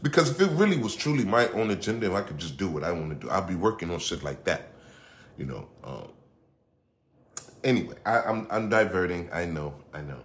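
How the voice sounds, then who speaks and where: Low-pitched, animated and brisk, a middle-aged man holds forth alone on his own podcast. He speaks casually and profanely, rambling, restarting sentences and slipping into tangents.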